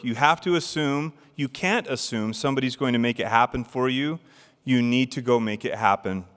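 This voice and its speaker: A man's voice: medium pitch, fairly bright tone, smooth. Man giving a devotional talk in a big hall. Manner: storytelling with rhetorical questions to the audience. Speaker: church speaker. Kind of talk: devotional address. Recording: long hall reverb.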